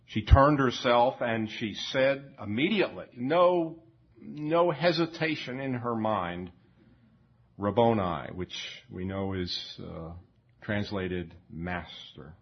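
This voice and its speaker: Slow, husky-voiced male preacher. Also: fairly low pitch, animated. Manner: slow, reflective, with frequent repeats and fillers. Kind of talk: sermon. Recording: dull lo-fi recording.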